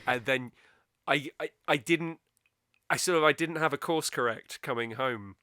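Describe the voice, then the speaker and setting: Chatty West Country man, bright and dry. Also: mid-range voice, normal speed, smooth, no room sound. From West Country of England. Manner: rambling, many fillers. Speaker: podcast co-host. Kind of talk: casual chat.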